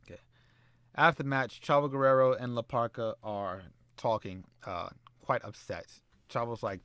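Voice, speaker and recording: A man narrates a wrestling management game in a casual, rambling way, often stopping to correct himself. His voice is at an ordinary pitch and sounds dry and close, with no room echo. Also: fairly even intonation, moderate pace, a bit bright, clean tone. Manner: rambling, self-correcting, playful. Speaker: game commentator. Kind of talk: casual let's-play narration.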